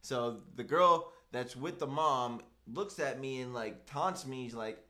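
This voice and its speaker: A man's voice: mid-range voice, measured pace. A young man casually telling a story with lots of fillers, acting out the voices of the people he quotes. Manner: animated, filler-heavy, acts out quoted voices.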